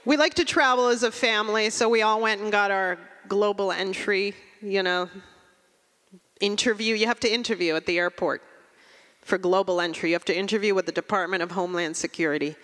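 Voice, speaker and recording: Brief: dry, deadpan stand-up woman, bright voice, long reverb of a live venue. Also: medium pitch, fairly quick. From Russia. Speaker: stand-up comedian. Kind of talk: stand-up comedy set.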